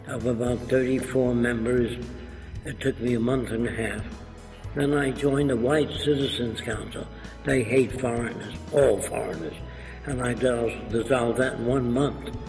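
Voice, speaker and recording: A man's voice: mid-range voice, long reverb tail, rough recording. An older man, an interview guest, telling anecdotes and acting out the people in them. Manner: animated, acts out quoted voices. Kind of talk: anecdotal storytelling.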